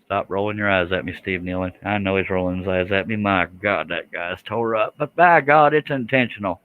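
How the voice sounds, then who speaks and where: A man's voice: deep voice, a little fast, clear, resonant tone, narrow, tinny audio. A man, chatting casually with viewers while he works a scroll saw on a livestream. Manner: folksy, chatty, reads out viewer comments.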